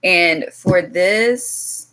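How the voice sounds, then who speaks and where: A woman's voice: lowish voice, drawn-out words, pushed and bright, poor audio. A woman giving a loose, casual tarot reading to her viewers, blunt and swearing freely, drifting into chatty asides. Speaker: tarot reader.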